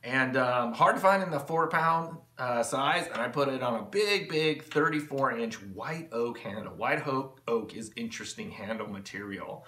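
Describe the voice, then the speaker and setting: Guy rambling away in his workshop, bright forceful voice, lots of ums and restarts, room echoes a lot. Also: mid-range voice, lively intonation, normal speed, few pauses. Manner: rambling, enthusiastic, with many fillers and restarts. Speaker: channel host. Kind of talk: rambling casual vlog talk. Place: home workshop.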